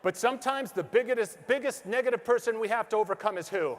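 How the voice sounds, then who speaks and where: A man's voice: high voice, a little fast. A middle-aged man giving a motivational stage speech, telling stories energetically and asking the audience questions. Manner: energetic storytelling, acts out quotes, asks the crowd questions. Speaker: motivational speaker. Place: large hall with an audience. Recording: hall reverb from a stage.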